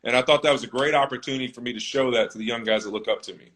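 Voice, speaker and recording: A man's voice: mid-range voice, racing, a bit bright. A man in his thirties, a football player being interviewed, talking in an earnest, reflective way about his own story. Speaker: NFL offensive lineman, guest. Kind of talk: conversational interview.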